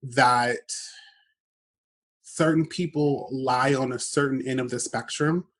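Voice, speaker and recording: A man's voice: medium pitch, steady tone, slow. A man hosting a casual podcast interview, talking loosely with fillers and self-corrections. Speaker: podcast host.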